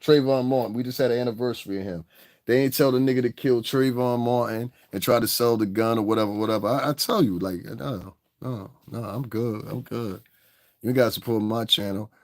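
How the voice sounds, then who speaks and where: A man's voice: medium pitch, steady tone, quick pace, dry recording, clean studio sound. A man hosting a livestream, ranting angrily and combatively with heavy profanity. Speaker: livestream host. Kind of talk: casual livestream rant.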